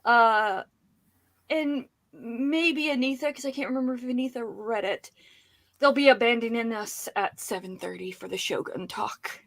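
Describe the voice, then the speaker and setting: Woman, high voice, guest co-host, casual livestream chat, candid, joking. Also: moderate pace, a bit bright.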